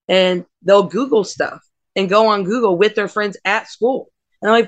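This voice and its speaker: A woman's voice: medium pitch, normal speed, no room sound. A middle-aged woman, a wrestler and guest, telling casual stories and acting out family dialogue. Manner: lively, acts out family dialogue. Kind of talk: casual storytelling interview.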